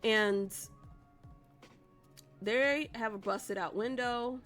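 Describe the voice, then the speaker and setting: A woman's voice: fairly high pitch, extremely slow, a bit bright, faint music behind. A woman streamer casually telling a rambling, profane story to her live chat. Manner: chatty, profane, rambling with restarts.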